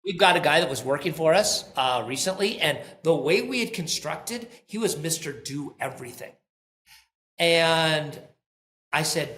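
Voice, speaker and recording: Male founder and guest, animated storyteller, slightly high voice, echoey room sound. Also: unhurried. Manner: animated storyteller, acts out quoted dialogue. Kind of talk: conversational podcast interview. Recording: roomy echo.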